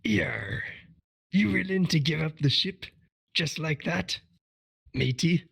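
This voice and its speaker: A man voicing a gruff male space pirate who talks in pirate slang. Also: fairly high pitch, lively intonation, slow pace, a bit bright, pitched above the performer's own voice, heavily acted. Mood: menacing.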